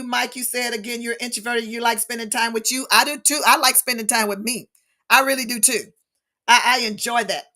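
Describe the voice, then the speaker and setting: Middle-aged woman, live-stream host, chatty and animated, bright, fairly high voice. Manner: animated, addresses viewers as y'all. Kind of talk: casual live-stream talk to viewers.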